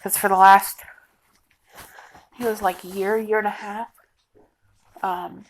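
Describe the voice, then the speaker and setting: Tearful soft-spoken woman, slow and halting. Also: medium pitch, level tone, rough recording. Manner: soft, halting, on the verge of tears. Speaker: vlogger. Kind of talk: emotional personal vlog. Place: a house, indoors.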